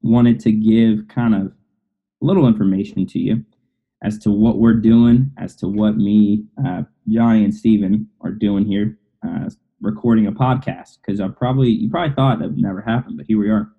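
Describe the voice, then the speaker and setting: A man hosting a casual podcast who talks in a relaxed, conversational way. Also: lowish voice, normal speed, slightly rough. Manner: relaxed, conversational host talk. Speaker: podcast host. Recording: dull lo-fi audio.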